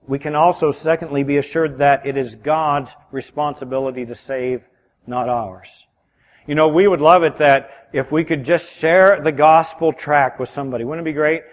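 A high-pitched man preaches a sermon in a church sanctuary. He swings from loud, emphatic declarations down to hushed, intimate lines. His voice rings out with a long reverb tail through the hall. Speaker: pastor.

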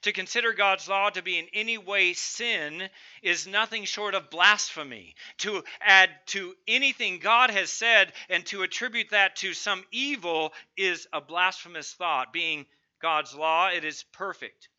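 A man's voice: sits high, measured pace, pushed and bright, highs cut off. A middle-aged man preaching a sermon, emphatic and building lists of strong words. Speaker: pastor.

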